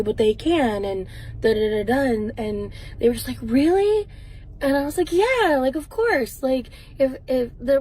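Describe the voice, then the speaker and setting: A woman's voice: a little high, a little mellow, a little hiss or hum, rough recording. A woman telling a personal story in a vlog, rambling, with many restarts. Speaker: vlogger in a clip.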